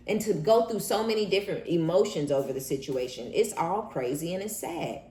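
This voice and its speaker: A woman's voice: fairly low pitch, expressive, a little fast, few pauses, dark tone, reverberant. A woman giving a casual tarot reading, blunt and profane, acting out the people she talks about. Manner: blunt, profane and dramatic, acts out quoted people. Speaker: tarot reader.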